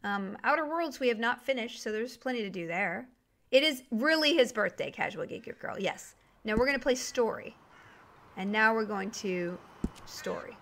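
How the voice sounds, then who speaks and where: Bright, chatty woman game streamer. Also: on the high side, animated, normal speed. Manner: chatty, greets viewers, frustrated at crashes. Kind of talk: casual live-stream chat while gaming.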